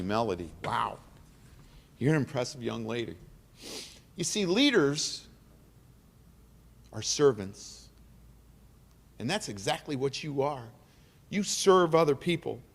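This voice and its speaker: The keynote speaker at an awards dinner, a middle-aged man, talks unhurriedly in a medium-pitched voice that is very animated, with vocal fry and long pauses. Emotional and earnest, he repeats phrases for emphasis, and the large banquet hall lends the recording heavy reverb.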